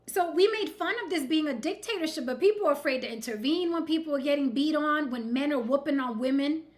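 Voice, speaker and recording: A woman hosting a casual news commentary stream, blunt and animated, often speaking straight to her audience. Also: high-pitched. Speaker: host.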